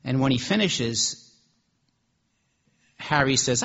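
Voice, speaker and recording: Brief: male preacher, mid-pitched and slightly husky, chatty storytelling in a sermon. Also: normal speed, fairly bright tone, muffled recording. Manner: conversational, with restarts.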